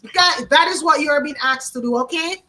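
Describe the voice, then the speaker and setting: A woman's voice: high voice, a little fast, pushed and bright. A woman from Jamaica, giving a live psychic card reading and musing aloud, often repeating names and phrases. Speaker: tarot card reader.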